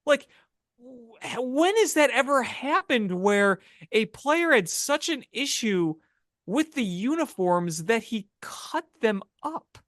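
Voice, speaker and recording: A sports podcast co-host in casual chat, telling stories in an animated, incredulous way. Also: medium pitch, takes it slowly, no echo, clean studio sound.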